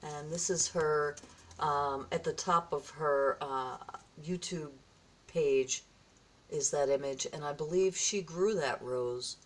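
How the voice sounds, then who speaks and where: Woman, vlogger, casual chat to camera, effusive, gushing, gasps and exclaims, slow unhurried delivery. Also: sits low. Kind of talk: casual vlog, opening gifts from a viewer.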